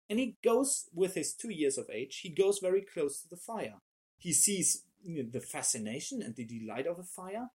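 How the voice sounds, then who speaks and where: Husky, animated male preacher. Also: on the high side. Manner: animated, repeats words while searching for phrasing. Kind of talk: sermon.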